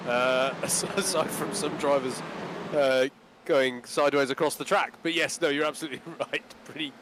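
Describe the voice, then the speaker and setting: A man's voice: mid-range voice, fairly even intonation, moderate pace, noisy background. A man giving chatty, easygoing colour commentary on a live sim race.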